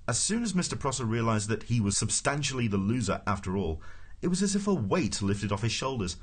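A man's voice: mid-range voice, big pitch swings, brisk, husky. A man giving a dry, wry scripted audiobook narration.

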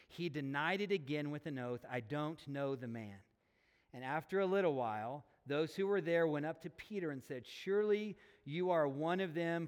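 A man preaching a sermon, reading scripture aloud and then building to emphatic intensity. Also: a little high. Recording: long reverb of a large hall.

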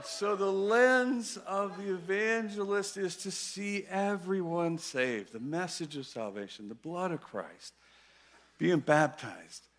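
A man preaching a sermon in a church, animated and playful, with emphatic, sudden loud bursts. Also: high voice, slow pace. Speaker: guest preacher.

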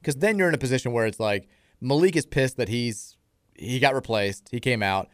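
A man's voice: medium pitch, a little fast, no echo, clean studio sound. A man hosting a sports talk radio show, laying out scenarios and poking fun at himself. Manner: self-deprecating, analytical. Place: radio studio. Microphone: studio microphone.

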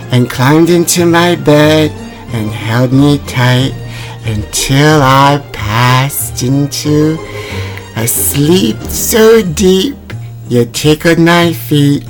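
A woman voicing an earnest little boy who reads his letter to Santa in a slow sing-song recital. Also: deep voice, exaggerated voice.

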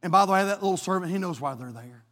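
High-voiced preacher in a reverberant church. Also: male voice, animated, fast talker. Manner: dramatic, swings from hushed to shouting. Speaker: pastor. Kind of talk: sermon.

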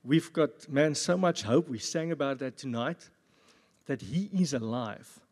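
A man pastor giving a sermon at a church service, with jokey, animated asides. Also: mid-range voice, measured pace. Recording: long reverb of a church hall.

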